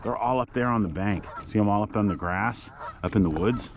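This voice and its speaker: A middle-aged man sits in a kayak out on a lake, talking casually into an action camera. His voice sits on the low side, and his easygoing chat drifts between pointing out the scenery and giving gear tips. A faint hiss of noise runs under him. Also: fairly quick. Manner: easygoing, chatty, jokey. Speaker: kayak vlogger. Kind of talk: casual outdoor vlog commentary.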